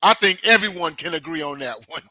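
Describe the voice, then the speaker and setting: A man's voice: fairly high pitch, fairly quick, a loud crowd. A man co-hosting a sports talk show, agreeable and rambling, with lots of fillers.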